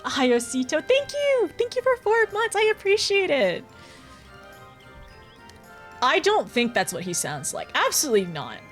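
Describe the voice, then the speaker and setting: A young woman streams a game and chats with her viewers, bubbly and quick to giggle. Her voice sits on the high side, and faint music plays underneath. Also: big pitch swings. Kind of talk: casual live-stream gameplay chat.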